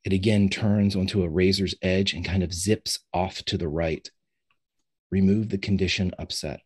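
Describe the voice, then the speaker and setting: Deep husky game master. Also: male voice, fairly even intonation. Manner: slows down for dramatic reveals. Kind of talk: narrating a tabletop role-playing game.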